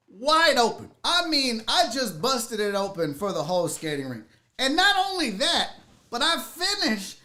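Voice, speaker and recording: A man in his forties hosting a podcast and telling a comedic story, animated and profane, swinging from loud bursts to low asides. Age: 40s. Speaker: podcast host. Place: seated in a chair.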